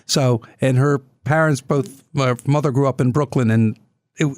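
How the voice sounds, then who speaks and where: A man's voice: mid-range voice, moderate pace, darkish tone, no room sound. A man hosting a business podcast, asking questions in a casual, somewhat hesitant way with frequent restarts.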